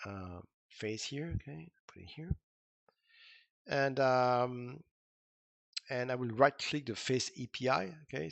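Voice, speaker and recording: A man's voice: medium pitch, vocal fry, no echo. A man giving an informal coding tutorial, thinking aloud with many fillers and restarts. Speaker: instructor. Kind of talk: screen-recorded coding tutorial.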